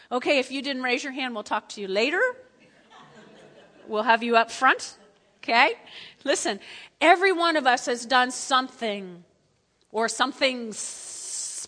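A woman pastor preaching a conversational sermon, swinging between loud emphasis and hushed, quiet moments. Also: sits high, long reverb tail.

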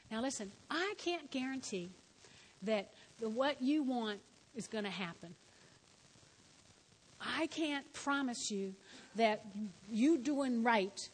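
A woman preaching a sermon, telling the story with lively, animated delivery. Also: fairly high pitch, in a large hall, rough recording. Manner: animated storytelling, shouts in acted quotes.

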